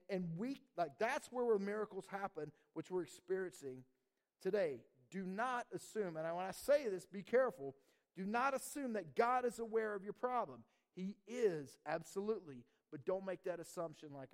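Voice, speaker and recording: A man preaching a sermon as pastor, animated and casual, slipping into slang and acting out voices. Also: sits high.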